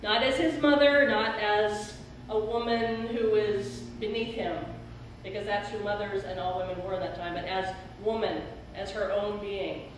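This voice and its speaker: A woman's voice: mid-range voice, fairly even intonation, a little slow, hardly any pauses, slight background noise. A middle-aged woman pastor preaching an earnest, emphatic sermon in a church sanctuary. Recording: very echoey church hall, speaker far from mic.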